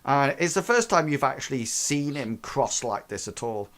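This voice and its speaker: A man's voice: medium pitch, lively intonation, moderate pace, a bit bright. Guy running a tabletop game, rambly, um um, mid voice. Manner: rambling, many fillers and restarts. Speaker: game master. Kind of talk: narrating a tabletop role-playing game.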